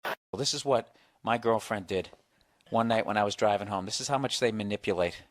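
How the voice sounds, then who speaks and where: A man's voice: fairly low pitch, fairly quick, a little hiss or hum. A man hosting a podcast, chatting casually and trading teasing, boastful banter with his partner. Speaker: podcast host. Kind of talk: casual chat.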